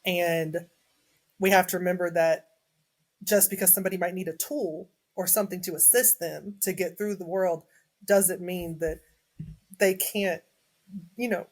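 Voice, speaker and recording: A woman in her thirties, a guest and adjunct professor, talking earnestly in a casual panel discussion and acting out what others say. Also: on the low side. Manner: earnest, animated, quotes people in lively voices.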